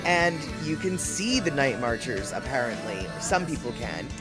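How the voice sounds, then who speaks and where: A man's voice: medium pitch, very animated, normal speed. A man hosting a casual reaction stream, explaining in a rambling way with many fillers. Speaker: streamer host. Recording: guitar music playing clearly under the voice.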